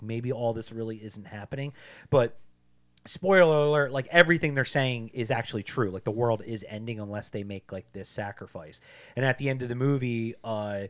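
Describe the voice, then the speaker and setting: Man, podcast co-host, casual movie chat, animated, mid-pitched voice. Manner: animated, acts out scenes in quoted voices.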